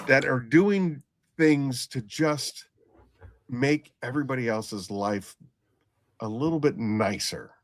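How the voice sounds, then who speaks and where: A middle-aged man, a nurse and former paramedic, telling a blunt story in casual conversation, halting and full of restarts. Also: medium pitch, no echo, clean studio sound.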